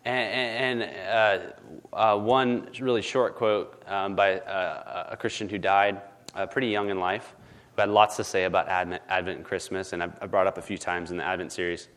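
Chatty pastor, emphatic and rambling. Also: male voice, low-pitched, level tone, moderate pace, fairly bright tone. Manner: chatty and emphatic, often asking "right?"; lots of ums and false starts. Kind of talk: conversational sermon.

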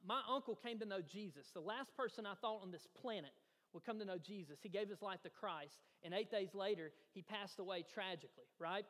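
A man's voice: high-pitched, a bit bright. A man preaching a sermon as pastor, telling a personal story and building to eager emphasis. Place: church sanctuary. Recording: church hall reverb.

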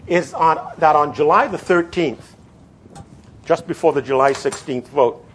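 A man giving a classroom history lecture, halting and repeating words, pausing to stress key terms as he reads a passage aloud. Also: mid-range voice, slight background noise.

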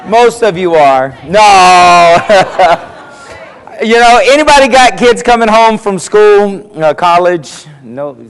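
This man's high voice has a sing-song quality and a measured pace as he preaches. A pastor in a church sanctuary, he tells folksy jokes and performs the voices in them, with long hall reverb on the recording.

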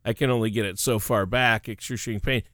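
A man's voice: fairly low pitch, steady tone, fast, a bit bright, no room sound, clean studio sound. A middle-aged man co-hosting a finance talk show, telling stories in a chatty way and laughing often. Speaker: radio show co-host. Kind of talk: casual chat.

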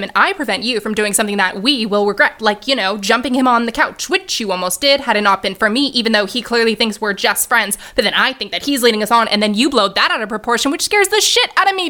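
A woman playing the logical, anxious side of a young woman's mind in a comedy sketch, talking in a dry, bossy way that runs into rapid rambling. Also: a little high, pushed and bright.

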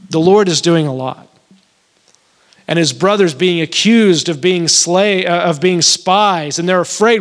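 A married man preaching a sermon, telling a dream in a conversational way and rising into emotional, pleading emphasis. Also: a little slow. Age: adult, married. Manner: emotional, builds to pleading high-pitched emphasis; conversational storytelling with restarts. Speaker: pastor.

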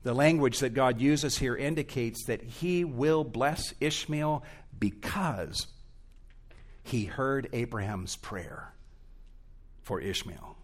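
A man's voice: medium pitch, animated, takes it slowly. A male pastor preaching an expository sermon in a church, earnest and emphatic, rising and falling in intensity.

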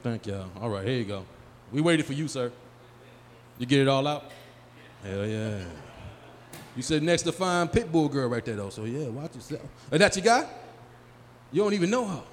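A man's voice: medium pitch, expressive, normal speed, pauses often. A man in his forties doing a loose, profane stand-up set and riffing with the crowd at a live comedy venue on a handheld mic. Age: 40s. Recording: live room reverb, faint crowd noise.

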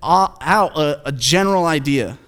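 A man preaching a sermon in a relaxed, conversational way, with self-deprecating asides and frequent fillers. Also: fairly high pitch, moderate pace, clean tone. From Phoenix, United States. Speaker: pastor. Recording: long hall reverb.

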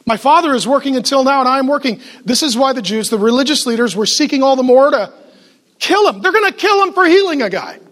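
A man preaching a sermon as pastor, emphatic, piling up rapid lists and rhetorical questions, with joking asides to the audience. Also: extremely high pitch, lively intonation, fairly bright tone.

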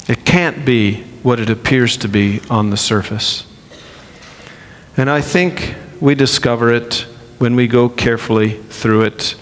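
Slow, deliberate preacher in a reverberant hall. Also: male voice, mid-range voice, fairly bright tone. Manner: slow, emphatic delivery with acted-out quotes. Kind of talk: sermon.

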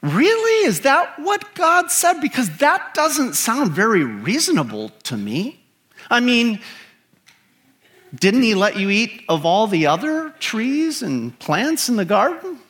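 Sneering male serpent devil played by a man, high and bright, mocking drawl. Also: huge pitch swings, slow pace, heavily acted. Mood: sarcastic.

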